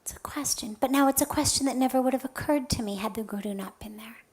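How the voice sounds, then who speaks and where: A woman spiritual teacher telling a personal story in a spiritual talk, slow and reflective, often sinking to a soft, breathy near-whisper and then rising with emphasis on key words. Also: fairly high pitch.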